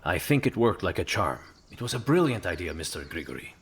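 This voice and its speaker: An obedient henchman with a very deep, husky voice. He reports to his boss deferentially, with lively pitch. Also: fairly quick, full character voice. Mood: servile. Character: obedient male henchman, servile.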